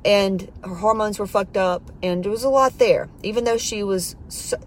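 A woman's voice: medium pitch, moderate pace, slight background noise. A woman life coach in a podcast monologue, blunt, profane and preachy, pressing her points hard.

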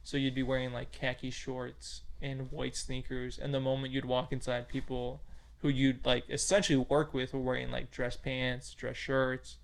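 A young man with a gravelly edge runs through a funny story in relaxed, casual chat. He laughs often, curses freely and slips into the voices of the people he quotes. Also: mid-range voice, moderate pace.

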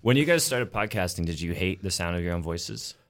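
Really deep voiced guy guesting on a podcast, joking around. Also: expressive, a little fast, fairly bright tone. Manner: joking, banters and mock-insults listeners. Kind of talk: casual podcast chat.

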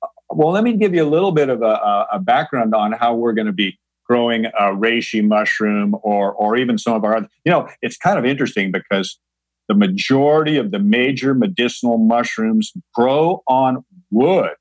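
Guy explaining stuff slow n patient, repeats himself a lot, dry close sound. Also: mid-range voice, no room sound, low-quality recording. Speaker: guest, mushroom grower. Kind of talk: explanatory interview talk.

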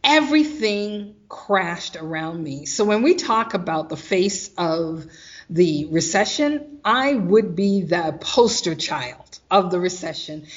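Animated woman telling a personal story. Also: mid-range voice, slow pace, highs cut off. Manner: animated, acts out quoted voices. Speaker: guest.

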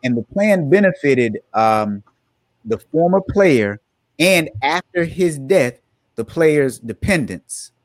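A man's voice: fairly high pitch, very animated, takes it slowly, no room sound, poor audio. A man co-hosting a podcast, casually walking listeners through a news story and laughing now and then. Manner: explanatory, breaks into laughter. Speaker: podcast co-host.

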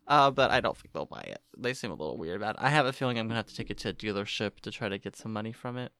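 A woman's voice: a bass voice, lively intonation, racing, fairly bright tone. A woman in her twenties from Oklahoma, co-hosting a podcast in rambling, self-mocking casual chat. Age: 20s. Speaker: podcast co-host.

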